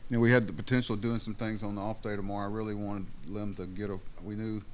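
An older man, a baseball manager, answering questions at a postgame press conference in a rambling, halting way with many fillers. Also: fairly low pitch, flat delivery, a little hiss or hum.

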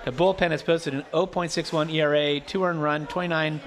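A man with a slightly high voice hosts a relaxed baseball conversation. He tells long, rambling anecdotes and breaks into laughter often. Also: brisk. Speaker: host. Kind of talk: casual baseball podcast chat.

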